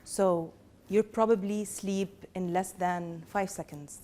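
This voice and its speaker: A woman with an Egyptian accent giving a lively classroom lesson as a lecturer, switching between Arabic and English and teasing her students. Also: mid-range voice, measured pace.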